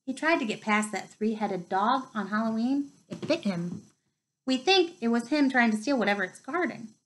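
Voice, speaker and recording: Eager young schoolboy, as a woman reads him, earnest, fairly high voice, storybook reading. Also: lively intonation, normal speed, lightly acted, rough recording. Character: Harry, young schoolboy wizard.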